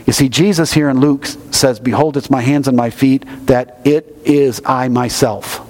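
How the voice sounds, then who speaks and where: A man's voice: mid-range voice, steady tone, normal speed, a little mellow. A middle-aged man preaching a sermon, conversational and emphatic as he explains scripture. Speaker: pastor.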